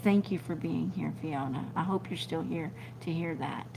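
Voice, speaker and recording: A woman's voice: low voice, moderate pace, vocal fry, noisy background. A middle-aged woman, chatting scattered and laughing as she reads viewer comments on a livestream. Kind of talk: casual live chat.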